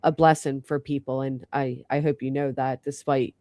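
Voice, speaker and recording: A woman's voice: a bass voice, flat delivery, normal speed, mellow, no echo, clean studio sound. A woman chatting casually on a livestream, rambling and heartfelt as she thanks her host. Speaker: livestream guest.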